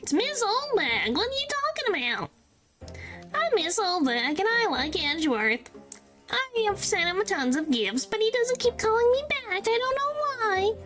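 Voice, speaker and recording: Girl doing a really high squeaky old lady voice, rambly and lovestruck, chattering on, game music faint behind. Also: big pitch swings, moderate pace. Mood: fussy.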